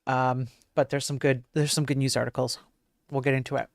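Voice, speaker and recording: A man's voice: medium pitch, flat delivery, fairly quick, creaky, dry recording, studio quality. A man hosting a live stream, chatting casually and self-deprecatingly with his viewers, rambling from one aside to the next. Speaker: livestream host.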